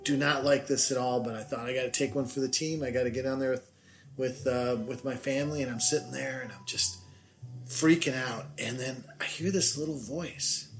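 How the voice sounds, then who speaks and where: A man's voice: mid-range voice, fairly even intonation, a little fast, soft background music. A middle-aged man, guest on his daughter's podcast, telling family stories in a rambling, self-deprecating way with many restarts. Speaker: podcast guest, the host's father. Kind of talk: casual storytelling chat.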